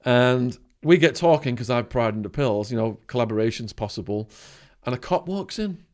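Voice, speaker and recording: A man's voice: mid-range voice, normal speed. English man telling wild stories. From England, Widnes. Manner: animated anecdotes with swearing and sudden quiet asides. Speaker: guest. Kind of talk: storytelling in conversation.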